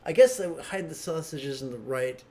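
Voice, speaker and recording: A man's voice: on the high side, expressive, normal speed, mellow. A middle-aged man giving a livestreamed meditation talk, a wry, joking storyteller. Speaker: meditation teacher.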